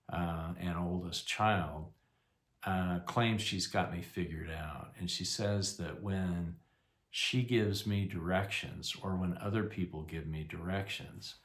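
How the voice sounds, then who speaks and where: A man's voice: sits low, fairly bright tone. An older man casually telling a rambling, self-deprecating personal story, full of fillers. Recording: echoey room.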